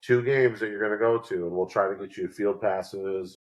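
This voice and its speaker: A man's voice: fairly low pitch, steady tone, normal speed, dull audio. A man from New York co-hosting a podcast, chatting casually and telling rambling stories, acting out the people he quotes. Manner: rambling storyteller, acts out quotes. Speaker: podcast co-host. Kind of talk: casual chat.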